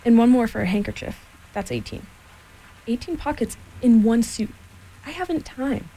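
A fussy, self-important male rabbit from a storybook, laying out his plans slowly and carefully, read aloud by a woman. The voice is mellow and gravelly, with a husky edge. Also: on the high side, animated, poor audio. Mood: bossy. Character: fussy, bossy male rabbit planning schemes.

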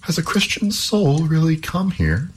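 A man's voice: sits low, wildly swooping pitch, moderate pace, a little hiss or hum, pitched above the performer's own voice. A man voicing a frightened young princess held captive in a storybook castle, speaking in a raised, alarmed voice.

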